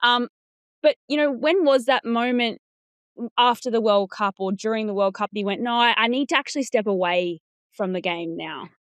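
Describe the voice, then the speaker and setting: A woman's voice: a little high, normal speed, smooth, dry recording. A woman hosting a sports interview show, supportive and asking long, winding questions. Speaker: podcast host, interviewer.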